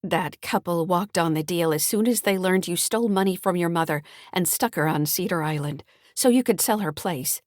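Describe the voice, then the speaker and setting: A woman's voice: fairly low pitch, normal speed, hardly any pauses, dry recording, natural voice. A woman voicing a friendly small-town escrow officer in an audiobook, chatty and earnest. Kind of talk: audiobook character reading.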